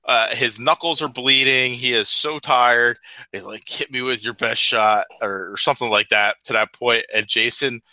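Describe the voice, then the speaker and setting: A man talking over a movie on a podcast, blunt and quick to laugh. His voice is sharp and very bright. It is recorded dry and close. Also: medium pitch, fairly even intonation, no room sound, rough recording. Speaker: podcast co-host. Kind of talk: casual movie review chat.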